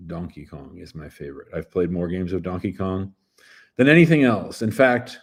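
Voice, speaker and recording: A man's voice: low voice, normal speed, slightly rough. A man in his fifties, an immigration lawyer hosting a casual livestream show, talking in a playful, chatty way that jumps between topics.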